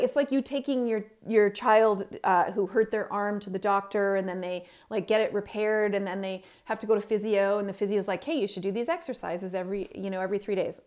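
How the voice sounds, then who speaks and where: A middle-aged woman, a parenting coach, giving a motivational stage talk, speaking emphatically to the audience and repeating her key points. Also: mid-range voice.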